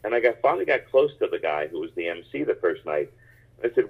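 Man, stand-up comic, deep voice, raspy, rambling anecdotes, tinny phone-line sound. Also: fast. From United States. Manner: animated, rambling anecdotes with many restarts. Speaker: stand-up comedian, guest. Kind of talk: casual interview storytelling.

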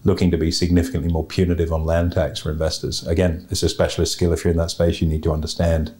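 Male podcast host, low mellow voice, blunt and plain-spoken. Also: little pitch movement, quick pace. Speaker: podcast host giving property investment advice. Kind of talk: casual advice talk.

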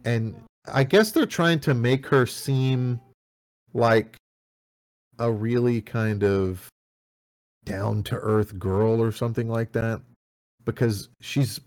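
A man's voice: mid-range voice, steady tone, slow pace, pauses often, a little mellow. A man co-hosting an audio podcast, reviewing a video game in a casual, rambling way, swearing often and restarting his sentences. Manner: rambling, profane, with many restarts. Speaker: podcast co-host.

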